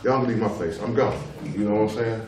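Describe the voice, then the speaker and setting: A middle-aged man speaks as a father at a public tribunal, his voice on the low side and a little fast, with a crowd audible in the background. Emphatic and repetitive, he keeps asking "you know what I'm saying" as he presses his points. The spacious hearing room, distant mic and faint noise shape the recording.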